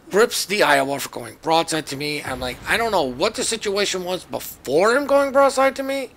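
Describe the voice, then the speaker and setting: A man's voice: fairly high pitch, a bit bright. A man giving casual, joking commentary over his own naval battle game footage, chatty and self-mocking. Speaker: gameplay commentator.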